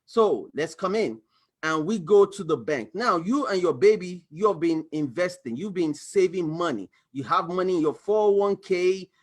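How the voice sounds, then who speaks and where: On a shared screen, a high-voiced man who works as a financial coach guides viewers through a money diagram. He's animated, exclaims often, and breaks into brief acted-out dialogues with a bank and a spouse, pitching his advice like a coach.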